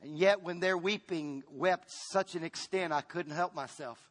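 At a moderate pace, a man with a fairly high voice preaches, shifting between forceful, loud passages and hushed ones. He fully takes on the pastor role, repeating himself and starting phrases over.

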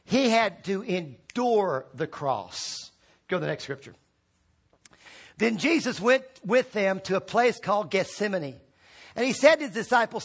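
A man preaching a sermon as pastor, rallying the congregation with call-and-response prompts and swinging between shouted peaks and quiet drops. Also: high voice, expressive, moderate pace, slightly rough.

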